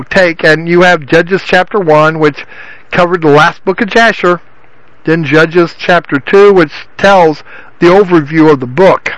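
A man with a fairly high voice gives an informal Bible teaching, recorded dry and close with no room sound. He rambles, circles back and restarts his sentences often. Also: fairly bright tone, no room sound, poor audio. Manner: rambling, repeats himself with many restarts and "you know".

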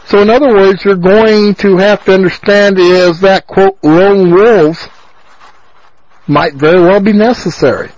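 A man with a high-pitched voice rants through a talk radio monologue at an unhurried, drawn-out pace. He presses his points insistently and doubles back to repeat himself. The sound is dull, lo-fi and completely dry. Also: steady tone, a little mellow, no echo. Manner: ranting, insistent, repeats phrases. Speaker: radio host.

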